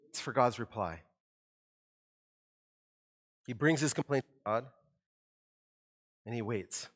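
A middle-aged man delivering a sermon from a church stage. His voice sits in an ordinary middle pitch, and he talks to the congregation in a conversational way. He leans into the quoted lines and acts them out with rising emphasis. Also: lively intonation, unhurried, pauses often. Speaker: pastor.

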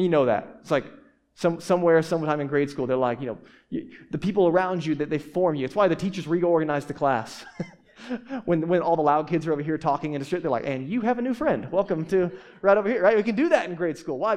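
A man's voice: a little high, a little mellow. Casual, conversational male pastor preaching. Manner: casual, conversational preaching with frequent restarts and asides. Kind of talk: sermon.

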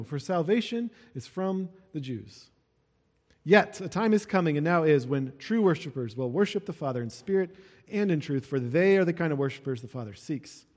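Pastor with a high voice in a reverberant hall. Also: male voice, darkish tone, breathy edge. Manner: explains verses with a casual, conversational aside. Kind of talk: sermon.

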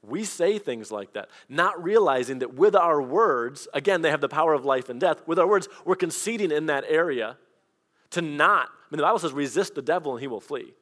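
Man, pastor, sermon, conversational storytelling, somewhat high pitch. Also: lively intonation, brisk, a bit bright.

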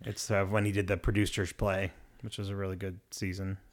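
A man's voice: sits low, little pitch movement, brisk. A man co-hosting a podcast, casually recapping a TV episode scene by scene and quoting its lines. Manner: recaps scenes and quotes dialogue, laughs often. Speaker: podcast co-host.

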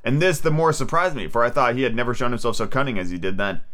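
Guy reading a novel on his podcast, mid pitch, chatty rambling asides. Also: fast talker, fairly bright tone. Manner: rambling, self-correcting asides. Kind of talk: audiobook reading mixed with casual commentary.

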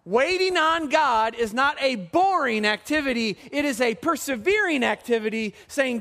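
A man preaching a sermon as pastor, animated and putting questions to the congregation. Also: very high-pitched, moderate pace, hardly any pauses.

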